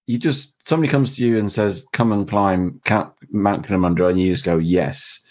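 A male interviewer who asks halting questions, often repeating words as he works them out. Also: sits low, a little mellow.

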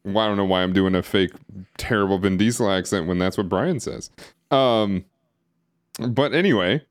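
A man with a fairly low voice speaks at a moderate pace while co-hosting a podcast during a live stream recording. His casual chat rambles and hesitates, full of fillers and restarts.

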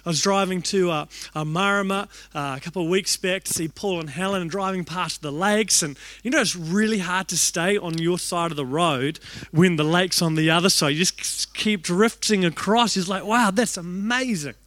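A young New man preaches through personal stories, lively and quick to poke fun at himself as he acts out his own thoughts. His voice sits high. The sound is dry and close, with almost no room echo. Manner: animated, acts out quoted thoughts, self-deprecating humor. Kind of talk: storytelling sermon.

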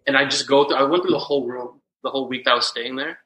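A man's voice: medium pitch, racing, slight background noise, poor audio. A young man in his twenties from Texas, a podcast guest telling rambling casual stories full of fillers. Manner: relaxed, rambling storytelling with many fillers. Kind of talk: casual chat.

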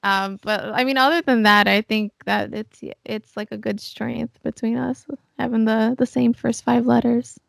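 Woman, casual podcast chat, gravelly fry, dry sound, relaxed, hesitant fillers. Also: on the high side, normal speed, few pauses, no room sound. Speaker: podcast guest.

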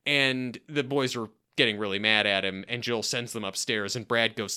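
A man chatting casually as a podcast co-host, recapping a sitcom with animated acting-out of lines and frequent restarts. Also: fairly quick, smooth. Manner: animated, acts out quoted lines with big pitch jumps; frequent restarts and repeated words.

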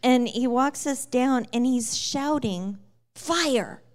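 A woman telling the story of her conversion in a lively, casual way, with many fillers and frequent laughter. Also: a little high, slow pace. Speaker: guest sharing her testimony. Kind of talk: personal testimony storytelling.

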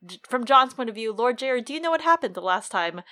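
A woman's voice: fairly high pitch, lively intonation, fast talker, bright, forceful tone. A woman co-hosting a casual book discussion, chatty, full of likes and casual swearing. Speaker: podcast co-host.

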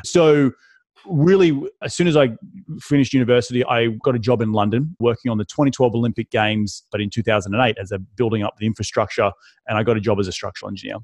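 A quick, chatty Australian man in his thirties, talking as an interview guest with plenty of restarts. His voice is mid-pitched and sounds close and dry, with no room around it. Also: fairly even intonation, a little mellow, dry recording. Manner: fast, chatty, frequent restarts. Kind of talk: casual interview storytelling.

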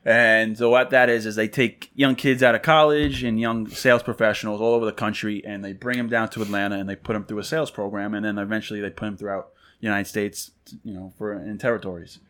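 A man's voice: on the low side, fast talker. A man from New York telling stories on a podcast, acting out the quotes in a raised voice. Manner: animated, acts out quotes in a raised voice. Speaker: podcast co-host. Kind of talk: casual storytelling chat.

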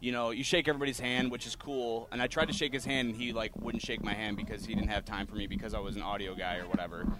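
A man's voice: lowish voice, steady tone, fast talker, few pauses, noisy background. A man co-hosting a podcast, bluntly criticizing wrestlers and telling backstage stories. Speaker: podcast co-host. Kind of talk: casual commentary and storytelling.

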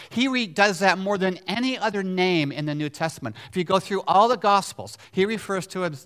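A man's voice: sits high, a bit bright. A man preaching a sermon, emphatic, repeating key words and putting questions to the congregation. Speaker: pastor.

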